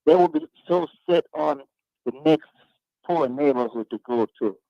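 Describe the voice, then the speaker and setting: A man's voice: a little high, normal speed, vocal fry, dark tone, no echo. Emphatic male radio host. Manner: emphatic, preachy, building to indignant points. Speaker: radio talk show host. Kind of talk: opinionated radio panel talk. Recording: dull lo-fi radio sound.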